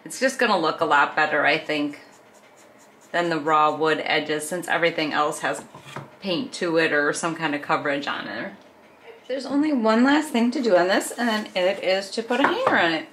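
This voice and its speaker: A woman's voice: deep voice, animated, normal speed, fairly bright tone, a little hiss or hum. A woman hosting a casual craft video, narrating each step as she works, chatty with small laughs. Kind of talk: casual craft tutorial voice-over.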